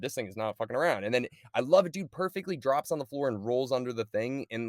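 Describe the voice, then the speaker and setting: A man's voice: quick pace, few pauses, no echo, clean studio sound. A man co-hosting a podcast, chatting casually about a horror movie and acting out its lines. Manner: animated, acts out movie lines in high yelps. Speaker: podcast co-host.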